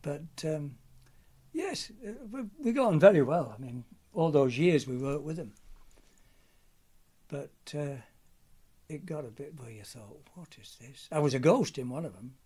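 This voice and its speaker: A man's voice: on the high side, animated, measured pace, pauses often, dark tone, husky. An older man, a pantomime comedian, telling stories in a chatty interview and acting out old routines. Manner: chatty storyteller, acts out old routines in character voices. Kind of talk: anecdotal interview chat.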